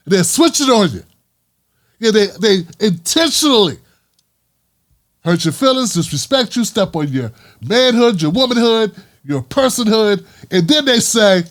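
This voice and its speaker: A male vlog host delivers an emphatic, opinionated commentary monologue. His voice sits high for a man, and he hammers his points with repetition. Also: lively intonation, moderate pace. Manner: impassioned, emphatic, repeats lines for punch.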